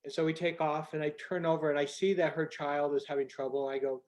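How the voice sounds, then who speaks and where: Older man, a little high-pitched, telling an earnest personal story on a video call. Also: little pitch movement, a little fast. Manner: earnest, conversational storytelling, voice drops soft at emotional moments. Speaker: speaker on a group call. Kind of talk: storytelling talk.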